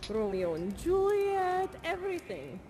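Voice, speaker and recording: A woman's voice: very high voice, very animated, measured pace, music in the background, heavily acted. A woman playing an eccentric acting teacher with a non-American accent, chatty and rambling as she earnestly teaches. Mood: upbeat, instructive. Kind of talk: improvised live theatre performance.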